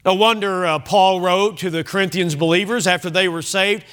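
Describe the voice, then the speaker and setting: A man's voice: sits high, fairly even intonation, moderate pace, a bit bright, smooth. A man preaching an earnest sermon as pastor, quoting scripture in old-fashioned wording. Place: church sanctuary.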